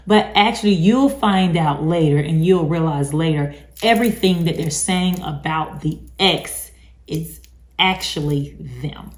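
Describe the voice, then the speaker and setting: A woman's voice: low-pitched, a little slow. A woman hosting a casual advice talk, speaking emphatically and chattily with many asides. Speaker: host talking about narcissistic abuse. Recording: roomy echo.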